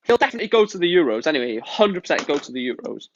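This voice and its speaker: A man's voice: a little high, sing-song, racing, few pauses. A man live-streaming, ranting about football in an angry, exasperated way and swearing often. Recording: dull, lo-fi stream audio.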